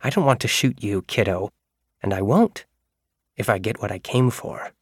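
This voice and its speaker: A menacing gunman with a light, sing-songy voice that turns each threat into a taunt, as a male reader puts him on. The voice sits higher than the reader's own low register, and the recording is close and dry. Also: lively intonation, normal speed, husky, no echo.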